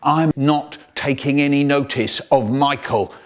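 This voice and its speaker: A man's voice: mid-range voice, unhurried, natural voice. A man doing a smug, gloating nasty prankster. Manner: gloating, sneering.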